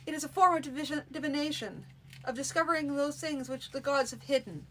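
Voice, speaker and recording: A woman's voice: high-pitched, fairly quick, fairly bright tone, slight background noise, pitched above the performer's own voice. Brief: proud male priest in a storybook reading, unyielding tone; woman reader voices him. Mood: righteous. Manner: righteous, unbending.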